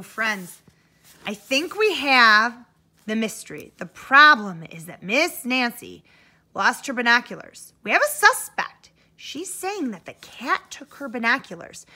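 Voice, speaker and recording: A woman teacher reading a children's book aloud in an animated way, stopping to ask her listeners questions. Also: on the high side, a little slow.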